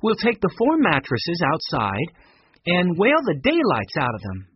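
A man voicing a sensible, take-charge older girl who talks in a brisk, practical way. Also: fairly high pitch, wildly swooping pitch, slightly rough, dry recording, dull audio, voice pushed up, full character voice.

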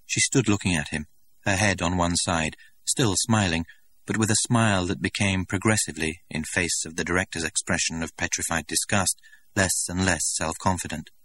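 A man with a very low voice reads a novel aloud in a measured, dramatic way. The recording is close and dry, with no room sound around him. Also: a bit bright, no echo. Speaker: narrator. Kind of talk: audiobook narration.

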